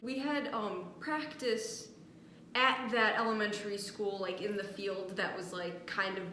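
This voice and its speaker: A young woman co-hosting a casual talk show, telling a story in a halting way with many fillers. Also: medium pitch, fairly even intonation, sharp tone. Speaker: podcast co-host. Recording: echoey room with faint noise.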